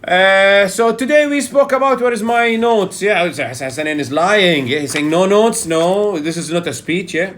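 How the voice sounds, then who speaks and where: A man runs a live online public speaking lesson. He talks in a loose, chatty way and keeps checking in with his listeners with a quick "yeah?". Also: high voice, fairly bright tone. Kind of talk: live online teaching session.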